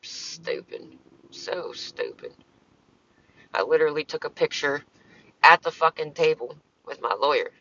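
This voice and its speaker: A woman's voice: low voice, fairly quick, a bit bright, muffled recording, a little hiss or hum. A woman talking casually on her livestream, answering comments in a profane, exasperated, rambling way.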